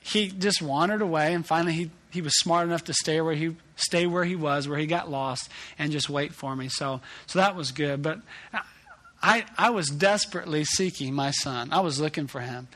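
A man preaches a sermon and leads in with a lively personal story. He pokes fun at himself as a parent. His voice sits slightly higher than most men's. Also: moderate pace. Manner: animated storytelling, self-deprecating. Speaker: pastor.

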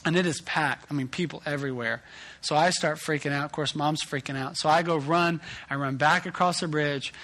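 A man's voice: on the high side, steady tone, a little fast, bright, forceful tone. A man, a pastor telling a self-deprecating family story in a sermon.

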